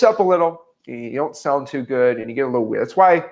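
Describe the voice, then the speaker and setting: A man in his twenties who coaches real estate in casual teaching talk and acts out conversations in an animated way. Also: mid-range voice, fast talker.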